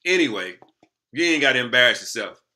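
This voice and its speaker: A man telling a story to the camera in casual, slangy talk, lively and animated. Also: mid-range voice, a little fast. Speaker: motivational speaker.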